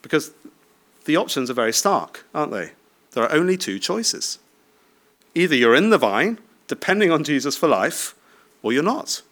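A man's voice: fairly high pitch, big pitch swings, normal speed, pauses often, fairly bright tone. Man preaching a conversational sermon. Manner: conversational, with frequent tag questions and light laughs.

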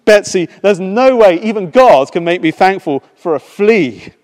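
A frightened young woman prisoner exclaims in a raised, strained tone, as a man reads her lines aloud. The voice sits well above a normal speaking pitch and tips toward alarm. A long reverb from a large hall trails every phrase. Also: lively intonation, slow. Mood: distressed.

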